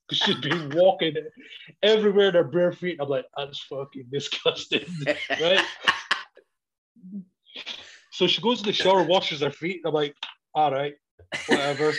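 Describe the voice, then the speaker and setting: Man, casual storytelling, lots of swearing, slightly high voice, muffled lo-fi sound. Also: fairly bright tone, slight background noise. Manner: swears a lot, laughs while telling a story. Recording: dull, low-fidelity recording.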